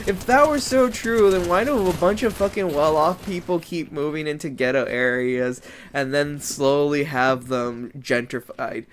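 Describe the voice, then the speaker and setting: A man's voice: a little high, expressive, normal speed, a little hiss or hum. Rambling, cussing American guy. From United States. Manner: rambling and profane, heavy use of "like". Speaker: vlogger. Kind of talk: casual rant.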